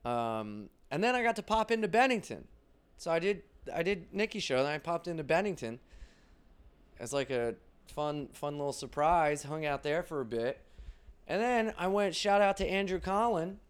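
A man's voice: a little high, lively intonation, clear, resonant tone. A man, a comedian, telling rambling stories in a casual monologue, swearing a lot and acting out quotes. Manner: profane, rambling, quick bursts, acts out quotes. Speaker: stand-up comedian.

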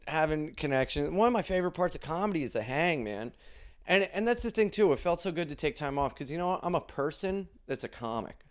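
A young man, a comedian, telling stories in a loose, profane monologue, laughing often and swinging his pitch widely. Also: smooth. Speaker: comedian podcast host. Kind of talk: casual storytelling monologue.

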